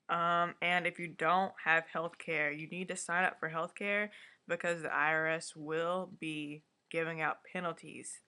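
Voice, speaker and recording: A woman with a voice deep for a woman, recapping a TV episode in a blunt, profane, chatty vlog style. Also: sharp tone. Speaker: vlogger.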